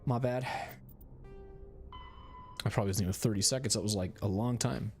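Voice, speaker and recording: A man's voice: on the low side, moderate pace, a little mellow, faint music behind. A man streaming a video game, chatting casually in a rambling, cursing way. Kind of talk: casual gaming commentary.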